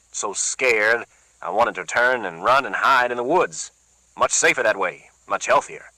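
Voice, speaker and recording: A man voicing a stern, wise old man of eighty-six who speaks slowly and deliberately. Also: on the low side, bright, forceful tone, no room sound, low-quality recording.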